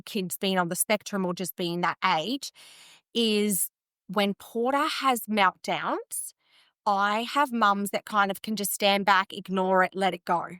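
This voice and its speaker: A woman's voice: mid-range voice, unhurried, fairly bright tone, clean tone, no echo, studio quality. An Australian woman in her thirties, speaking as a podcast guest in candid conversation, earnest and tumbling, often restarting her sentences. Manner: earnest, tumbling, self-correcting speech.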